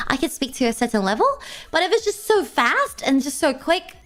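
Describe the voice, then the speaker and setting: High-voiced young woman rambling a story. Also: very animated, fairly quick, fairly bright tone. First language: English. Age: young adult. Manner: rambling storytelling, many fillers. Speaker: vtuber streamer. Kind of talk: casual chat.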